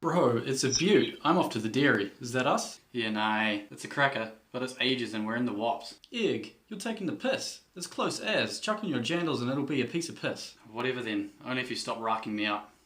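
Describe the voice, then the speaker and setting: A man's voice: medium pitch, lively intonation, fairly bright tone. Laid-back New Zealand man, roomy echo. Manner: laid-back, drawn-out slang phrases. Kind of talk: casual slang demonstration.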